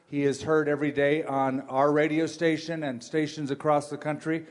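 Friendly pastor hosting an interview. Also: male voice, a little high, little pitch movement, normal speed. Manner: friendly, teasing questions. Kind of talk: church stage interview.

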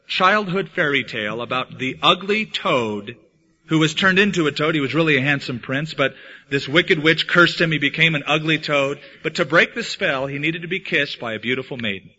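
A man preaching a sermon as pastor, swinging from loud emphatic lines to hushed ones. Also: on the high side, breathy edge. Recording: dull lo-fi sound.

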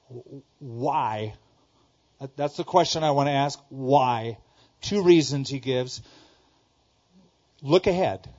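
Preaching slowly and pausing often, a middle-aged Southern California pastor uses a slightly raised pitch and hammers home key phrases through repetition. His emphatic delivery shifts from booming exclamations to hushed asides, captured on a somewhat dull, lo-fi recording.

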